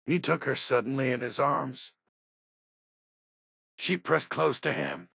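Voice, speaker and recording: A man reading a science-fiction novel aloud as an audiobook narrator, in a steady, even delivery. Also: medium pitch, takes it slowly, vocal fry, husky, no echo, studio quality. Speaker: audiobook reader. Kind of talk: scripted narration.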